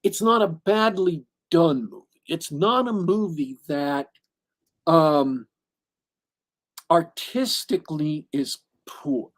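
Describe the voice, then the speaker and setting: Slow and a little high-voiced, a male podcast co-host reviews a movie in easygoing chat. He meanders, restarting sentences and using lots of fillers, but gets emphatic when giving his take.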